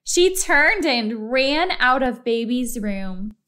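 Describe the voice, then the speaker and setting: A woman reading a children's storybook aloud in an expressive, slow read-aloud style. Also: a little high. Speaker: storybook reader.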